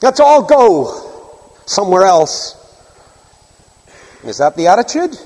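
Older preacher, emphatic sermon delivery, voice soaring high in a reverberant hall. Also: male voice, very animated, takes it slowly, darkish tone. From Northern Ireland. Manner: emphatic, rhetorical questions, sweeping pitch.

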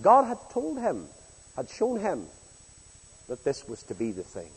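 A man preaching a sermon in a folksy storytelling way, acting out the speakers in the story with big swings in loudness. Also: on the high side, wildly swooping pitch, a little slow, husky, long reverb tail, poor audio.

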